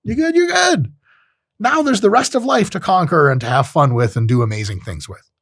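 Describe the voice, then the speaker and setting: A man's voice: medium pitch, huge pitch swings, a little fast, a bit bright, breathy edge, no echo, clean studio sound. A man hosting a podcast, giving a blunt, profane casual monologue and acting out short voices. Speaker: podcast host. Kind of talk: casual monologue on self-improvement.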